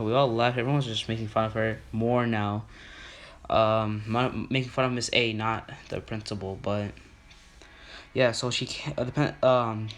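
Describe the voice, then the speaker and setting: A man's voice: mid-range voice, a little hiss or hum. Rambling guy telling a school story. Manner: rambling, full of fillers and restarts. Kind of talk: casual storytime vlog.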